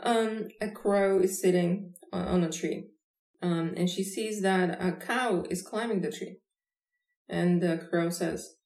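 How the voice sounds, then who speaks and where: A woman's voice: lowish voice, slow, darkish tone, reverberant, poor audio. A woman telling jokes in a casual chat, often laughing through her own punchlines. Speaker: podcast co-host telling jokes.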